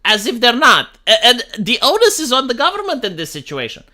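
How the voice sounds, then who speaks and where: A man hosts a casual livestream, reading news aloud and riffing bluntly with plenty of swearing. His very high voice swoops wildly in pitch, moving fairly quickly with a pushed, bright quality.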